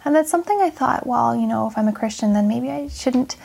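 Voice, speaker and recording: A woman's voice: on the high side, expressive, brisk, vocal fry, a little mellow, slightly rough. A woman nurse earnestly sharing a personal faith story in a casual chat, reflective and full of fillers.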